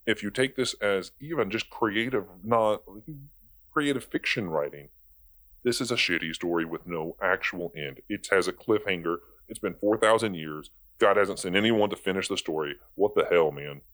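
Deep-voiced yet fairly bright in tone, a young man delivers exasperated, sarcastic commentary on video at a moderate pace. He swears freely throughout the casual rant.

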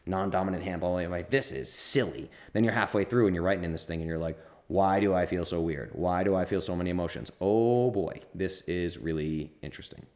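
Low-voiced rambling man. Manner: rambling, self-correcting, candid and profane. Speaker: podcast host. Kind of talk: casual solo podcast answering listener questions.

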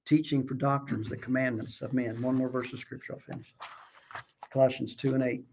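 Gravelly man emphatically quoting scripture. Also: medium pitch, little pitch movement, a little fast, a little mellow, slight background noise. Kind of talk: scripture recitation in discussion.

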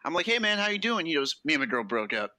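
A man's voice: fairly high pitch, fast, dry recording, rough recording. A young man co-hosting a casual podcast chat, telling stories with lots of swearing and acting out other people's lines. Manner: animated storyteller who acts out other people's lines, swears a lot. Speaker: podcast co-host.

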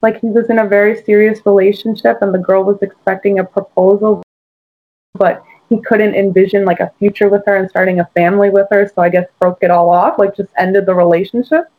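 A woman chats as a podcast co-host, her talk loose and full of fillers. Her voice has a middle pitch. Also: fairly even intonation, fairly quick, phone-quality sound. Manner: chatty, lots of "like" and "um". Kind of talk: casual chat.

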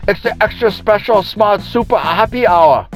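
A hammy announcer with a high, singsong delivery, as a man puts him on. The voice sits far above the speaker's own and is pushed louder, stretching every word. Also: moderate pace, soft background music, lightly acted. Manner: singsong, exaggerated, high and loud. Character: man in a put-on accent announcing a silly show.

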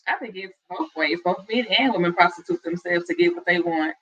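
A woman's voice: on the low side, brisk, a bit bright, husky. A woman co-hosting a casual talk show, chatting in a playful way. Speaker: co-host. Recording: dull lo-fi sound.

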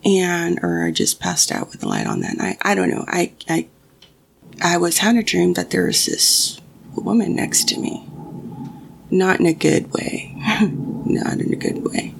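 A woman's voice: lowish voice, very animated, a little slow, creaky, a little hiss or hum. A young woman telling a personal story casually, swearing often and restarting her sentences. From Mexican family.

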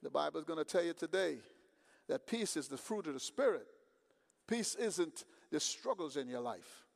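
A man preaching a sermon in a conversational way, swinging from quiet storytelling to loud emphasis. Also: fairly high pitch, animated, normal speed, vocal fry. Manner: conversational, swings from quiet to shouting, acts out dialogues. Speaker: pastor.

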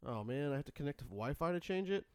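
A man's voice: fairly high pitch, animated, fast talker, darkish tone, dry recording. A man co-hosting a podcast, chatting casually and joking with his co-host at a studio microphone. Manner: jokey, teasing. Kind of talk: casual chat.

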